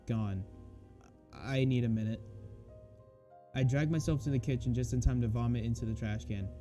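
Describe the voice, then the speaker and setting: A man streaming a visual novel mod, reading its text aloud in a flat undertone and breaking off to comment on it. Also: mid-range voice.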